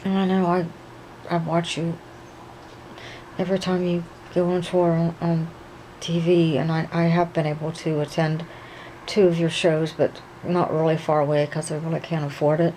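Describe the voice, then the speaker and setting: Woman as an emotional young woman: mellow, fretful, halting. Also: deep voice, little pitch movement, a little hiss or hum, natural voice, poor audio. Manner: breathless, fretful, halting with repeated words.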